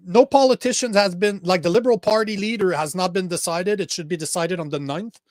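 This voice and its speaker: A man's voice: high voice, a little fast, darkish tone, no room sound, studio quality. A man with a French accent hosting a casual political podcast, heated and full of restarts. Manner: heated, swears, many restarts. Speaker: podcast host.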